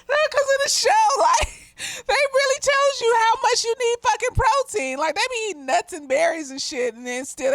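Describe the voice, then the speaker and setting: A woman therapist giving a casual, slightly tipsy film review, blunt and animated with plenty of cursing and laughter. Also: high-pitched, no echo.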